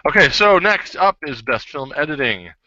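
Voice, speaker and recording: A man's voice: a little high, big pitch swings, normal speed, sharp tone, lo-fi sound. A man co-hosting a casual podcast, reading out nominees and joking as he stumbles over the words. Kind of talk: casual chat.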